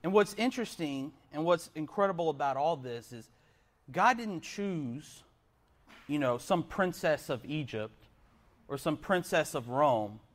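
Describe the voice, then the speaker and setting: A man's voice: on the high side, animated, measured pace. Earnest young man preaching a sermon. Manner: earnest, asks the congregation questions.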